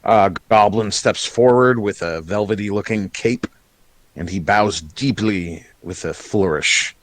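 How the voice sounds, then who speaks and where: A man running a tabletop game as game master, narrating scenes and speaking for the characters in a slow, animated way. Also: lowish voice, dry recording.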